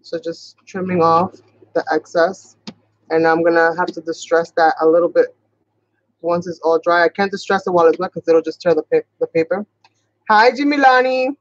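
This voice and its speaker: Her voice fairly low and flat, a craft channel host from New York with a Boston-like accent rambles chattily through a tutorial livestream, occasionally talking fast. The recording is dry and lo-fi.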